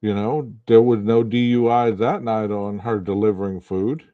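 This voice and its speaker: Male podcast host, low early-morning voice, argumentative, rhetorical, muffled dry sound. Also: steady tone, normal speed, dry recording. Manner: argumentative, asks rhetorical questions. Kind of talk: casual true-crime commentary.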